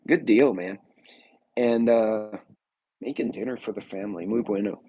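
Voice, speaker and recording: A man hosts a casual livestream in a folksy, rambling way. His voice sits a little low and sounds husky. The sound is dry and close, with almost no room echo. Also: normal speed, warm tone. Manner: rambling, folksy, greets chat viewers by name. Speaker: livestream host. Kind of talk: casual political livestream chat.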